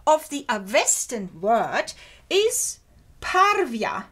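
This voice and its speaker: A woman delivers an academic lecture in a high, bright-sitting voice. She speaks slowly and carefully, weighing each word. When she recites verse she draws the syllables out even further. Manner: careful, measured, slows to recite ancient verse.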